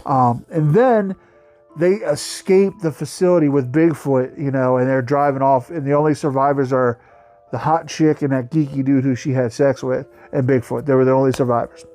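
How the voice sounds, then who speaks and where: A man's voice: medium pitch, fairly even intonation, moderate pace, mellow. A man hosting his own channel, giving a casual, profane, mocking review of a bad movie. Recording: faint music behind the voice.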